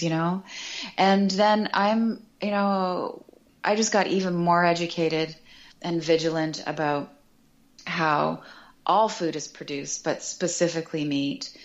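A middle-aged woman talking as a podcast guest, chatty and animated, often acting out quoted remarks. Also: lowish voice, slow, lo-fi sound. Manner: animated and chatty, quotes herself and others in lively voices. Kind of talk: casual podcast conversation.

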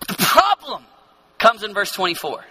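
A male pastor preaches an emphatic sermon in a very high, piercing voice. He repeats phrases for effect and swings between loud declarations and hushed passages. His tone is bright and sharp. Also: wildly swooping pitch, moderate pace, husky.

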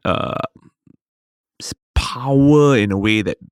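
A man's voice: medium pitch, slow pace, clean tone, no echo, clean studio sound. A man with a Singaporean English accent, a stand-up comedian chatting on a podcast and telling stories, acting out the people he quotes. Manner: storytelling, acting out quoted voices. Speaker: stand-up comedian, guest co-host. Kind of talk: casual podcast chat.

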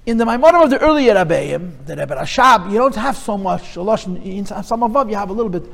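A man with a high voice teaches a lesson on Chassidic texts. He explains step by step and repeats his phrases, working Hebrew and Yiddish terms into English. His voice rings with the long echo of a large hall. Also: lively intonation, quick pace, gravelly.

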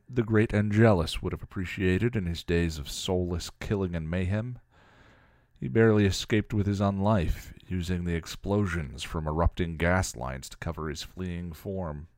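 A man narrating a fan fiction story aloud in a steady storytelling manner. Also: sits low, normal speed, no echo, clean studio sound. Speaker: reader.

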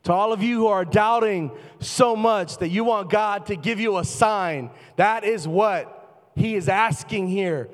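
A man preaching a sermon as pastor, fervent and shifting between loud bursts and quiet, low asides. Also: measured pace. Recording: long reverb of a large hall.

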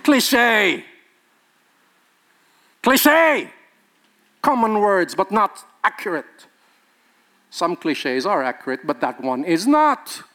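A male pastor preaches with a high, sweeping voice that leaps up and down. He talks in an unhurried way, firing rhetorical questions at the congregation and joking with them between points. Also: sing-song, fairly bright tone. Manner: jokes and laughs with the congregation. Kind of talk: sermon.

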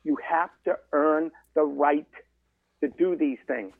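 A man's voice: a little high, slow pace, creaky, dry recording, heavily acted. A man voicing his grandfather, an old man giving blunt, plain-spoken advice. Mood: firm. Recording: dry, phone-like line.

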